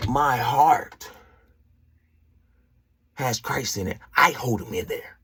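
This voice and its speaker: Husky, animated spiritual podcast man. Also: mid-range voice, slow pace. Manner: animated and preachy, slangy, talks straight to the listener. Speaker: podcast host. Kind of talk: spiritual motivational podcast talk.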